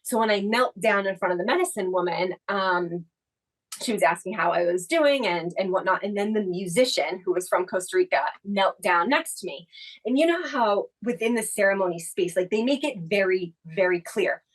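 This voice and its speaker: A woman's voice: mid-range voice, animated, moderate pace, poor audio. A woman co-hosting a podcast, telling a personal story in casual chat, reflective and full of the filler "like". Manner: reflective, leans heavily on the filler "like". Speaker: podcast co-host.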